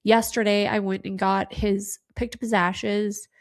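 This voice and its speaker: Woman, 30s, podcast host, candid and sweary, gravelly tone, tearful and sniffly. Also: medium pitch, level tone, a little slow. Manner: candid, swears freely, lots of "like". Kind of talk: casual solo podcast talk.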